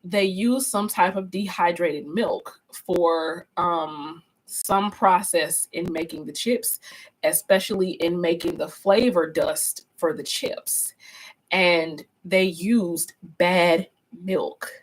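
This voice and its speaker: Woman instructor, casual live-class host, unhurried, conversational, lots of restarts, talks straight to viewers. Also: on the low side, poor audio. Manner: chatty and conversational, often restarts, addresses viewers as y'all. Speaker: course instructor leading a live class discussion.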